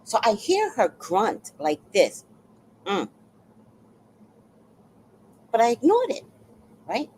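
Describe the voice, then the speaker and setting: A woman's voice: a little high, measured pace, slight background noise, rough recording. A woman telling a personal story in a casual monologue, acting out what others said. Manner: animated, acts out quoted voices.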